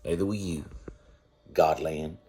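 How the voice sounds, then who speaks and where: A man's voice: very deep voice, measured pace, noisy background. A man giving rambling, folksy commentary while watching a film, swearing casually and repeating himself. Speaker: vlogger.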